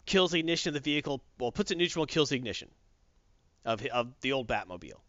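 A man co-hosts a casual podcast, recounting a comic plot with lively, swinging pitch. His voice is bright and fairly high, and the recording sounds dry and a little dull. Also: quick pace, no echo. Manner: animated storytelling, acts out quotes. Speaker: podcast co-host recapping comics. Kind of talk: casual chat.

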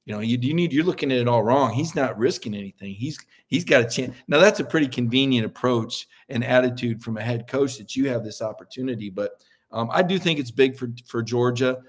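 Man, middle-aged, mid pitch, folksy, opinionated, repeats words while arguing, casual sports talk. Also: a little fast. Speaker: sports columnist and co-host.

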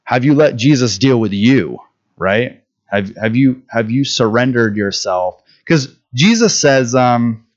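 A man's voice: medium pitch, slow, highs cut off. A man preaching a sermon in a conversational way, often checking in with "right?" and restarting his words.

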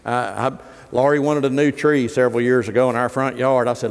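A man's voice: mid-range voice, fairly even intonation, brisk, smooth. A middle-aged man preaching a sermon, folksy and joking, rising into emphatic preaching. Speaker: pastor. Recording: long hall reverb.

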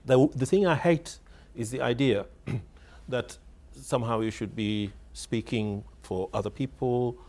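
A man with a mid-range, darkish voice speaks at a measured pace with hardly any pauses, an author reminiscing on radio. Still reflective and hesitant, he repeats words as he searches for phrasing and laughs wryly through his story.

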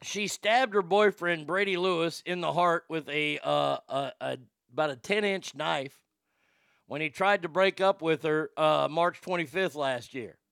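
List: male host, crude mocking rant, raised pitch, gravelly voice. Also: unhurried, a bit bright, dry recording, clean studio sound. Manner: blunt, vulgar, mocking. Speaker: radio show host. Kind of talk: crude comedic commentary.

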